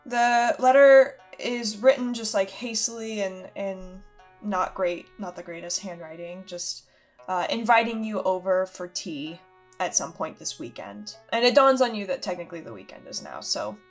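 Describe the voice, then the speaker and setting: A woman's voice: medium pitch, lively intonation, moderate pace, soft background music. Casual woman running a tabletop game. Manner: chatty, casual, with many fillers. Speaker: game master.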